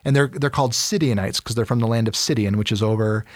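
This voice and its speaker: A man hosting a casual podcast, retelling a Bible story in an animated way and acting out its characters in quick casual voices. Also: mid-range voice, no echo.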